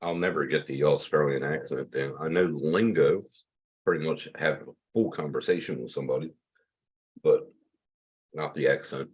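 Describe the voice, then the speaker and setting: A man's voice: extremely low pitch, moderate pace, darkish tone, slightly rough. A man in his fifties from Pennsylvania, hosting a loose livestream chat, rambling and swearing freely. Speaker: livestream host.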